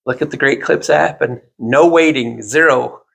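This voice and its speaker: A man's voice: medium pitch, moderate pace, vocal fry, a bit bright, breathy edge. A man telling a long, rambling personal anecdote in casual chat, with self-deprecating asides.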